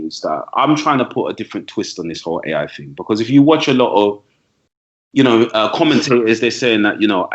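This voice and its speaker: In a fairly low-pitched voice, a man chats casually as a podcast guest. He is a teacher and trainer who makes his points through lists and asides, recorded on dull, lo-fi audio.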